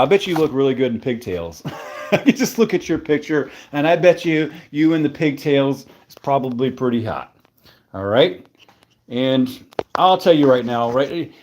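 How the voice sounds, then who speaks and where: A man's voice: medium pitch, darkish tone, a little hiss or hum. A man hosting a live stream, chatting casually with viewers in a playful, teasing, rambling way.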